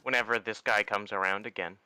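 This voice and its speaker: A man's voice: fairly low pitch, fairly even intonation, fast, sharp tone, slight background noise, poor audio. A man playing a tabletop game, confident and pushing his own plan. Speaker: player. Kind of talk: casual tabletop game talk.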